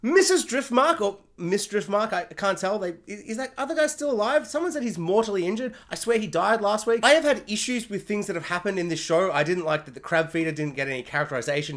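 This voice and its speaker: Woman, TV review vlogger, casual spoiler rant, exasperated, sarcastic, mocking put-on voices. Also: mid-range voice.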